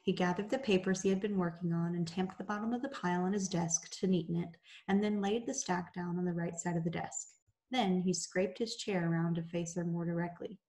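A woman teacher reading a novel aloud to her class in a measured, unhurried narration. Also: fairly low pitch, steady tone, darkish tone.

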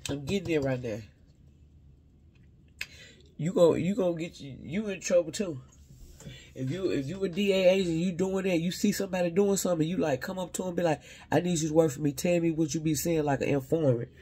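A man with a husky, slightly breathy voice that sits a bit higher than most men's. He rambles through a casual psychic reading, talking straight to his viewers and stopping often to second-guess a word. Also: fairly quick, dark tone. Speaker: spiritual advisor giving psychic readings.

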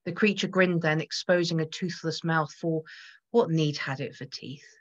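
A woman narrating a gothic horror story in a measured voice that builds tension. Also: low voice, steady tone, lo-fi sound. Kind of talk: dramatic gothic story reading.

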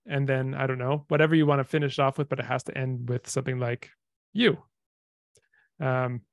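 A man's voice: medium pitch, flat delivery, a little fast, no echo, studio quality. A man giving an online lecture, chatty and thinking aloud, with fillers and restarts. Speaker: lecturer on dead languages. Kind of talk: online talk with slides.

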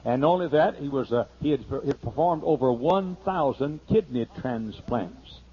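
A man pastor telling a humorous, folksy story during a sermon, slowing down to list items one by one. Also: medium pitch, expressive, husky. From United States. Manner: folksy and humorous, lists things slowly. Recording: muffled older sermon tape.

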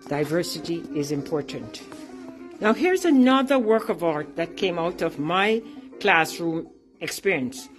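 A woman's voice: on the low side, big pitch swings, unhurried, soft background music. A middle-aged woman with a Jamaican accent, an earnest and emphatic teacher and artist giving a presentation about her artwork.

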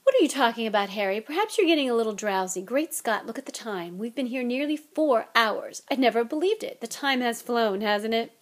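A pompous celebrity wizard teacher from a storybook reading, acted by a woman. He booms along, loud and self-satisfied, gushing over everything. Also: lively intonation, fairly quick, few pauses, lightly acted.

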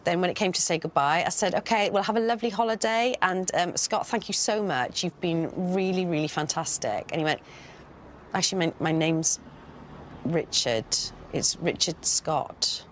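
A woman's voice: fairly low pitch, normal speed, a little hiss or hum. A woman telling a chatty, self-deprecating anecdote in casual talk.

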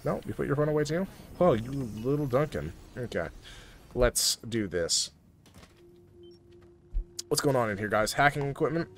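A young man giving goofy, excitable commentary over his own video game playthrough, joking with his viewers. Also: mid-range voice, normal speed, pauses often. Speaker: gaming YouTuber. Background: game music and sirens.

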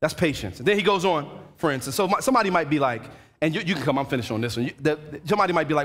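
A man pastor preaching a sermon in a church, animated, and he acts out the voices of churchgoers. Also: on the high side, quick pace. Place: church sanctuary.

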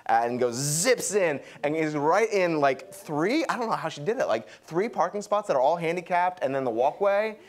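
Guy preaching, young, kinda high voice, acts out the quotes all animated. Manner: lively, acts out quotes with pitch jumps. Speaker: pastor. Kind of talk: sermon.

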